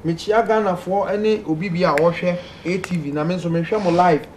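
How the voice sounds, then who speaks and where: Male call-in host, upbeat, reads messages and laughs; higher voice, light noise behind. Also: normal speed. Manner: lively, laughing, pleading with callers to speak. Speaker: radio host reading listener messages. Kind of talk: call-in advice show.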